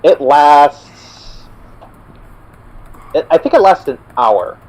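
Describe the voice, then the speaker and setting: A man's voice: a little high, expressive, very slow, a little mellow, rough recording. A man playing in a tabletop game, chatting casually and hesitantly, with many fillers and restarts. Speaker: player.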